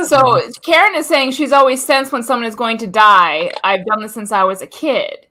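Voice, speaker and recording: Woman host, higher pitch, bright tone, blunt and profane. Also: normal speed, slight background noise. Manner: blunt, swearing. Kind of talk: casual chat.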